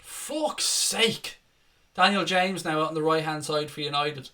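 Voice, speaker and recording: A man's voice: on the high side, steady tone, brisk, sharp tone. A young man giving live fan commentary on a football match, calling the play and breaking into angry, sweary rants. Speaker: fan watchalong host.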